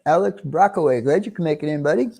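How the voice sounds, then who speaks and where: A man's voice: on the high side, fast talker, vocal fry, darkish tone, breathy edge. Chatty New York man greeting viewers. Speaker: livestream host. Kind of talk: casual livestream chat.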